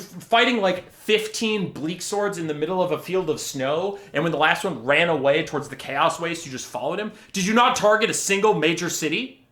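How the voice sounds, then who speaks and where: A man's voice: on the high side, fairly bright tone, reverberant. A man hosting a game-lore video, ranting in exasperation and swearing freely. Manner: exasperated, profane, acts out characters' lines.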